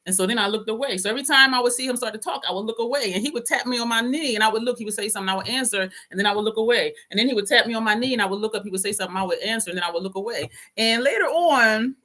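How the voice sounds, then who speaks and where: A woman's voice: on the high side, racing, pushed and bright. A woman in her fifties, host of a casual livestream, telling a story to viewers, often laughing and reading out comments. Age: 50s.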